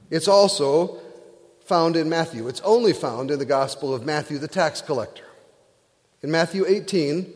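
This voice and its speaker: A man's voice: a little high, in a large hall. A male pastor preaching a sermon, retelling a parable with playful asides.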